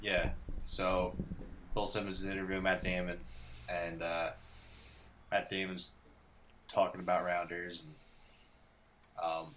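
A man with a bright, forward voice, chatting casually about movies with friends. He tells stories animatedly, laughs easily, and drops into other people's voices as he goes. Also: low voice, flat delivery, takes it slowly, pauses often, a little hiss or hum. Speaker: podcast co-host.

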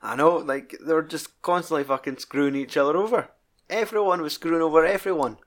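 A man's voice: on the high side, fairly quick. A man co-hosting a casual film review chat, rambling and swearing heavily. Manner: rambling, heavy swearing, laughs while recalling scenes. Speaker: podcast co-host.

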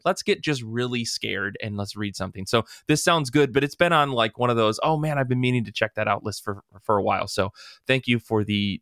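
A man's voice: medium pitch, fairly bright tone, no room sound, studio quality. Man steering a casual podcast chat. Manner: upbeat, steers the talk. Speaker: podcast host.

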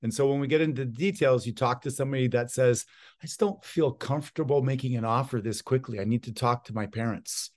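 Middle-aged man, medium pitch, conversational interview, animated storyteller. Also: fast talker. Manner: animated storyteller, acts out quoted voices. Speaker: real estate guest expert.

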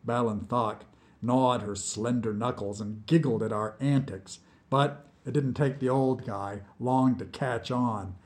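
A man reading his own short story aloud as scripted narration, with slow, deliberate storytelling. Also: medium pitch, fairly even intonation.

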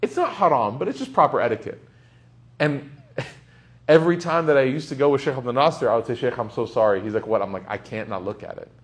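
A young man giving a casual, humorous sermon, telling stories with sudden loud bursts. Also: medium pitch, lively intonation, fast talker. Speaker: Islamic speaker.

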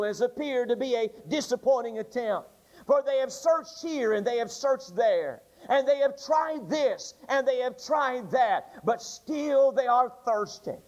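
Brief: male preacher, unusually high voice, repeating cadence, muffled old church recording. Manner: repetitive, rhythmic preaching cadence. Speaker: Baptist preacher. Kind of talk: Sunday morning sermon. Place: church sanctuary. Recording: dull lo-fi archive church tape.

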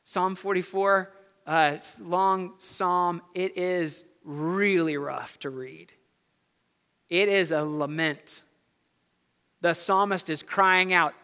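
A man's voice: high-pitched, steady tone, slow pace, sharp tone, long reverb tail. A man preaching a sermon as pastor in a church, building his points through emphatic repetition. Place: church sanctuary.

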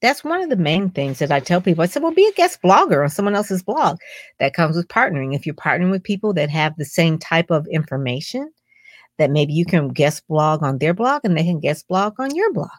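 A woman's voice: deep voice, big pitch swings, fairly quick, no room sound, clean studio sound. Emphatic woman coaching on publicity. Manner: emphatic, coaching, full of rhetorical questions. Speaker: publicity strategist. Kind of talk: podcast advice talk.

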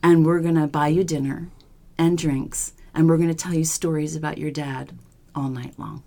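Woman guest, low voice, animated storyteller who does the voices of the people she quotes. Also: moderate pace. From Philadelphia. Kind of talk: casual storytelling.

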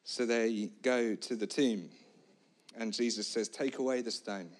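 A man preaching a sermon, retelling a story dramatically, moving between hushed, quiet lines and loud shouts. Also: mid-range voice, measured pace.

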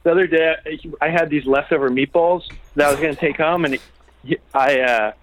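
A man's voice: fairly high pitch, brisk, slight background noise. A man telling rambling, profane stories over a phone call from a catering kitchen at work. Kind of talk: casual chat.

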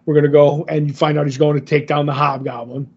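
A man's voice: on the high side, flat delivery, fairly quick, a little mellow, slightly rough. A man co-hosting a casual podcast, rambling through a comic recap with lots of fillers and acted-out quotes. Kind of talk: casual chat. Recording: dull lo-fi audio.

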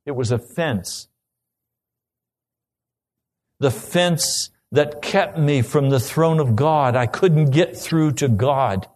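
Slow, earnest male preacher. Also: fairly high pitch, a little mellow. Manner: slow, earnest testimony, rising to urgent questions. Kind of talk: sermon.

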